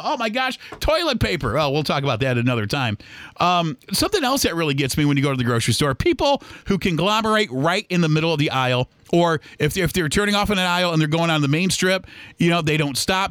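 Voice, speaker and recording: Guy rambling on his podcast, kinda high voice, super dry sound. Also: fairly bright tone, no echo. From Michigan, US. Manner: chatty and rambling, acts out shoppers' voices. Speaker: podcast host. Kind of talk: casual solo podcast monologue.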